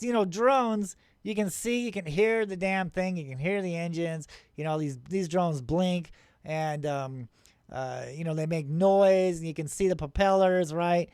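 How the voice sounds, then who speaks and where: A man hosting a paranormal channel, narrating his own video footage in an excitable, rambling way, with many restarts and chuckles, and scoffing at skeptics. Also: high voice, clean tone, no room sound, studio quality. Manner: incredulous toward skeptics.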